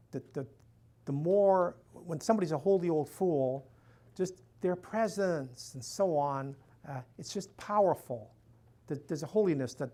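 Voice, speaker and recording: A man's voice: a little high, darkish tone. An older man, a priest, giving a talk to a live audience in a folksy way, chuckling at his own jokes and filling in with "you know" and "and so on".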